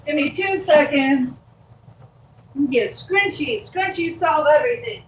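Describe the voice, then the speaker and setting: A woman's voice: sits high, lively intonation, measured pace, a little hiss or hum, low-quality recording. Chatty woman hosting a phone livestream. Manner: chatty and rambling, reading viewer comments aloud with many fillers. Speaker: livestream host. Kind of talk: casual live-stream chat. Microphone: handheld phone.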